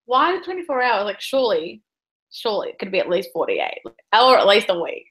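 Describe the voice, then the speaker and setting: A woman's voice: mid-range voice, sing-song, brisk, fairly bright tone, low-quality recording. A woman chatting on a video call about a book, thinking aloud and swearing freely. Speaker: book club co-host. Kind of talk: casual video call chat.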